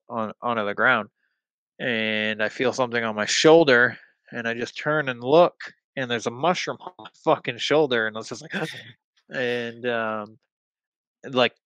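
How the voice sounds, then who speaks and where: A man's voice: mid-range voice, pushed and bright, no room sound. A young man telling a personal story in casual podcast chat, rambling with lots of fillers and the odd swear word. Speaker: guest.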